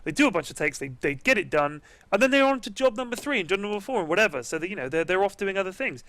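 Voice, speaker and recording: A man casting a video game match in a relaxed, chatty way, joking and swearing freely. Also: high-pitched, fast. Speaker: esports caster. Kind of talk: casual game commentary.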